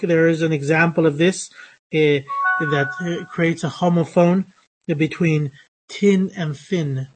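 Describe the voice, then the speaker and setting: A man teaching English phonetics in a lecture, speaking with many hesitations, fillers and restarts. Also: a little high. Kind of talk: online lecture.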